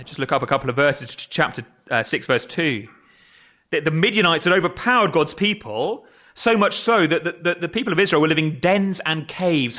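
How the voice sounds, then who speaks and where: Chatty preacher with a raised pitch. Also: male voice, sharp tone. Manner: conversational, asks the congregation rhetorical questions; stumbles and repeats words, corrects himself. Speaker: pastor. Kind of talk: sermon. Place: church.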